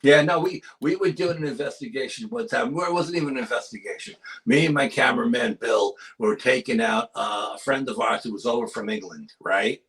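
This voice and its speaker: A man's voice: medium pitch, fairly quick, hardly any pauses. A man with a New York accent, a paranormal investigator telling a spooky field story in a casual interview, acting out voices and dropping to a whisper. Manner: animated storyteller, acts out quotes with whispers. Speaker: paranormal and cryptid investigator, guest.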